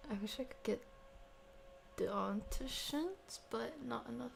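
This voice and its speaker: Soft-spoken stuffy woman streamer, higher voice. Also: expressive, slow, creaky, slight background noise. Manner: soft, often half-whispered, giggly chat. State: stuffy nose. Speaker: ASMR streamer. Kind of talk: casual livestream chat.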